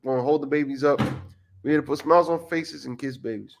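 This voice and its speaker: A man co-hosting a late-night podcast stream in a tired, rambling way. He jokes at his own expense, swears a lot and lets his sentences trail off. His voice sits at an everyday middle pitch. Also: fairly even intonation, quick pace, gravelly. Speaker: podcast co-host. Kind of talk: casual livestream podcast chat.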